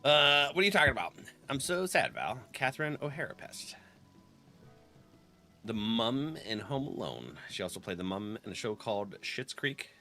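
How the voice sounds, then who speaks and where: A man's voice: mid-range voice, very animated, normal speed, pushed and bright, soft background music. A man casually chatting with his live-stream viewers, laughing often and greeting them by name.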